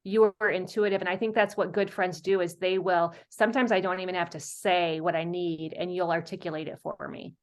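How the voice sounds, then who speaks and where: Expressive middle-aged woman guest. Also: on the low side. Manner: expressive, earnest, talks in quick bursts. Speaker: podcast guest, counselor. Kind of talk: casual conversation.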